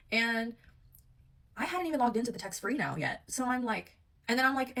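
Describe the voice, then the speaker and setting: A woman's voice: a little high, fast. A young woman telling a personal story in a casual vlog, rambling and swearing, with many fillers, acting out both sides of an argument. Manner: rambling, profane, animated retelling with many fillers; acts out both sides of the argument in quoted voices.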